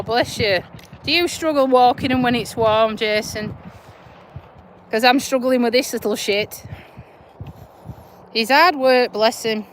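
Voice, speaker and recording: Woman, Yorkshire-Lincolnshire accent, blunt and chatty, slightly high voice, outdoor phone live stream. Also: a bit bright, slight background noise. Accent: Yorkshire-Lincolnshire English. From Lincolnshire, England. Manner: chatty, laughing, broad and blunt. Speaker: vlogger, nurse. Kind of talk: casual live chat while walking a dog. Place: outdoors on a country walk.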